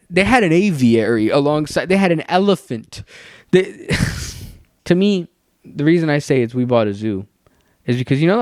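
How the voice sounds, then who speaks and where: A young man giving ranting, sarcastic commentary, animated and full of swearing. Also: fairly high pitch, clean tone, no echo, clean studio sound. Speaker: YouTuber.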